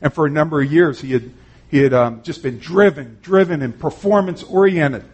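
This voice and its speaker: A man's voice: on the high side, normal speed, darkish tone, husky. A man preaching an earnest, conversational sermon, retelling conversations and often saying "man". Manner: frequent "man" and restarts.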